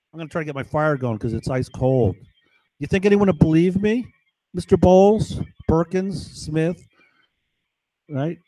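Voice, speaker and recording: Brief: a man ranting to camera, profane and repetitive, slightly high voice, dead-dry sound. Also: a little mellow, no room sound, poor audio. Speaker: vlogger. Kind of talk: rambling monologue to camera.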